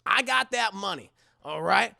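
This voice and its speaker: A streamer doing a loud, swearing impression of a bossy male celebrity during a casual movie recap. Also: mid-range voice, lively intonation, a little slow, creaky, dry recording, clean studio sound, full character voice. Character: brash loud-mouthed male rapper shouting orders.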